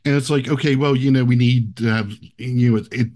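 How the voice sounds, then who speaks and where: A man casually discussing a film, speaking haltingly with restarts and blunt swearing. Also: medium pitch, steady tone, darkish tone. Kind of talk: casual movie review chat.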